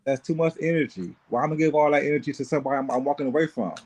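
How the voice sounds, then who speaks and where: Calm, laid-back man. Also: a little high, very fast. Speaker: podcast co-host. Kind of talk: casual chat.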